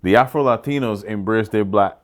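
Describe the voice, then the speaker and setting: A middle-aged man from Barbados, a podcast co-host telling stories in casual chat, quoting other people in high, put-on voices. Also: brisk. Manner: animated storyteller, high-pitched when quoting others.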